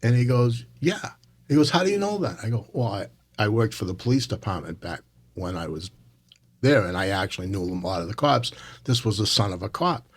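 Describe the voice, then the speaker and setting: A man's voice: on the low side, animated, fairly quick. A man who works as a baseball umpire, telling stories about the job in casual chat with earnest emphasis.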